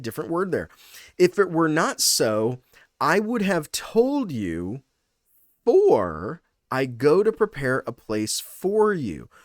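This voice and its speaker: A man's voice: a little high, no echo, studio quality. A man in his thirties, a pastor, walking through a passage in a casual teaching style, thinking aloud with many fillers and restarts.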